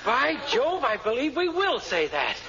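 A wisecracking, brash impostor. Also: male voice, very high voice, huge pitch swings, unhurried, gravelly, sharp tone, exaggerated voice. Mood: breezy. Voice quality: breezy, wisecracking delivery. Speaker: lead in a radio comedy. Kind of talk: 1940s radio acting. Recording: muffled old radio recording with hiss.

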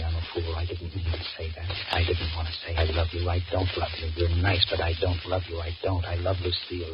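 A man's voice: sits low, natural voice. An actor playing a nervous, cowardly young married man in a 1940s radio drama, talking in anxious inner monologue and stammering. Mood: worried. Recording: dull lo-fi old radio recording with hiss.

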